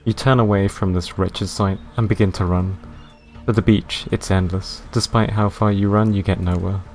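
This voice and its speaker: A man with a very low voice reads game narration aloud in a dry, deadpan manner while chatting to his live viewers. Soft music plays faintly in the background. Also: normal speed. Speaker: streamer.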